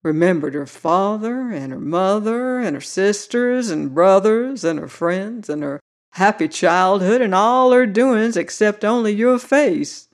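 A reader doing a deadpan teasing young cowboy. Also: medium pitch, unhurried. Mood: mock concern. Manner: gentle, solicitous, deadpan teasing. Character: young Southern cowboy, twenty-four, teasing with mock gravity. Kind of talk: audiobook character voice.

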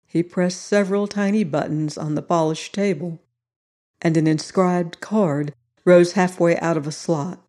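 A narrator reading a science fiction story aloud in a measured, steady way. The reading is even and unhurried. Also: medium pitch.

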